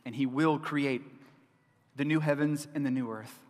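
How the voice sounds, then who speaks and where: A man's voice: mid-range voice, fairly even intonation, moderate pace, darkish tone. A middle-aged man preaching a sermon as pastor, earnest and repeating key lines for emphasis. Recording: long reverb of a large hall.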